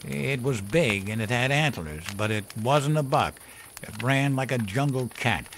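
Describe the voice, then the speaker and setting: A man voicing a gruff old male storyteller who drinks, talking in a folksy, profane, chuckling way. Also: mid-range voice, expressive, unhurried, noisy background, pitched above the performer's own voice. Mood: gruff storytelling.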